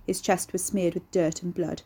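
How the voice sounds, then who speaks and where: A woman reading an audiobook in a steady, measured way. Her voice is lowish, mellow and a touch husky. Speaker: narrator. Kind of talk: audiobook narration.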